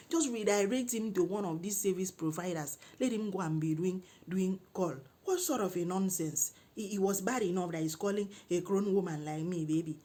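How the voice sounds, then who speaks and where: A middle-aged woman with a Nigerian English accent, telling a comic story in an animated, exclaiming way and scolding when indignant. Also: mid-range voice. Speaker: comedic storyteller.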